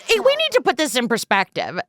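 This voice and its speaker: A woman's voice: high-pitched, huge pitch swings, a little fast. A woman co-hosting a true crime podcast, chatty and bubbly, often slipping into accents. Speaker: podcast co-host.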